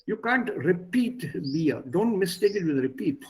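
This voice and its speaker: A man leads an online German lesson, patiently explaining and repeating words for his students. His voice is slightly husky and sits a little high, moving up and down with lively emphasis. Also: a little slow, rough recording. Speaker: German teacher.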